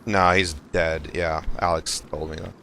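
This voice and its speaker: A man chatting in character during a roleplay, chatty and excitable, laughing often. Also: deep voice, a little slow, vocal fry, background noise. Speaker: roleplay player. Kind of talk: in-character casual chat.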